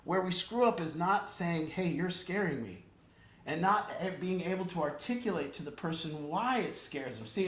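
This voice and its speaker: A man's voice: a little high, roomy sound. A man leading an informal group talk as a recovery program counselor, earnest and emphatic, rambling with restarts.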